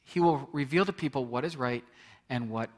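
A man's voice: medium pitch, moderate pace. A man preaching a sermon in a conversational way, reading scripture aloud and often restarting his words. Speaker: pastor.

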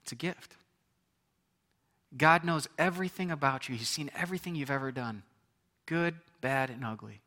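A man's voice: mid-range voice, moderate pace, pauses often, sharp tone. A man preaching a sermon as pastor, conversational, with repetitions and asides to the congregation.

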